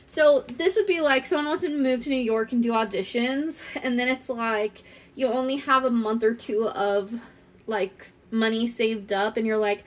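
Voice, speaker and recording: A woman's voice: a little high, fairly even intonation, moderate pace. A young woman giving a casual pick-a-card reading, chatty and rambling, laughing often. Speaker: tarot card reader.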